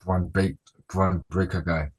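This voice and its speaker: A man hosting a casual wrestling chat, relaxed and rambling, with slangy sounding talk. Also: low-pitched, a little slow, breathy edge. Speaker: podcast host.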